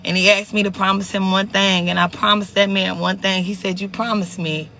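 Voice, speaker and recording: Male live-streamer, high and bright with a gravelly edge, emotional and repetitive, chatting directly to viewers. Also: level tone, fairly quick, a little hiss or hum. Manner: emotional, repeats words, greets viewers by name.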